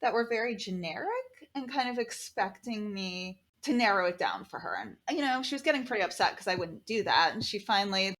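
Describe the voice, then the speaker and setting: A woman guest on a podcast, telling a story in a casual, animated way, acting out the people she quotes and swearing freely. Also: mid-range voice, a little fast, hardly any pauses.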